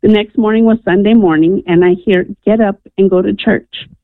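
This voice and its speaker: A New Mexico woman rings a radio show to tell her story in earnest, her medium-pitched voice keeping a fairly even tone at a moderate pace, with frequent ums. The call is heard through a tinny, dry telephone line without echo.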